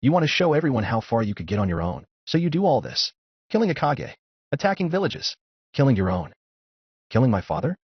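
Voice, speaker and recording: A man's voice: mid-range voice, big pitch swings, a little fast, husky, dry recording. A man voicing an angry, hot-headed young male ninja who curses and accuses, on a dull lo-fi recording. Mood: furious. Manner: furious, cursing, accusing.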